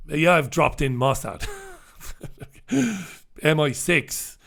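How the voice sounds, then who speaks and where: Guy doing a live paper review, sarcastic, a bit higher voice, reads comments out. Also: expressive, extremely slow, creaky, a bit bright. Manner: sardonic, mock-dramatic when reading headlines. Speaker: host reviewing newspapers. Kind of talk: casual live-stream commentary. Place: dark room.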